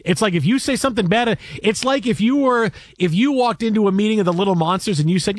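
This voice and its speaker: A man in his fifties co-hosting a casual chat, telling stories in a rambling, animated way with many restarts. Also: high-pitched, fast talker, few pauses, no room sound. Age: 50s. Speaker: co-host.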